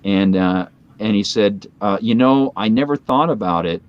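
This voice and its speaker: A man's voice: lowish voice, normal speed, muffled recording. A man in his forties, a guest in a casual chat, telling a long story full of fillers and asides. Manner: rambling anecdotal storytelling with many fillers.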